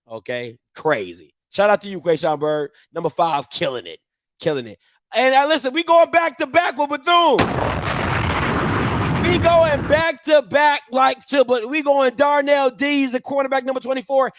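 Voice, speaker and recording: A man hosting a casual sports show, talking in an animated, slangy way and dropping into low mutters between bursts of hype. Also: dry recording.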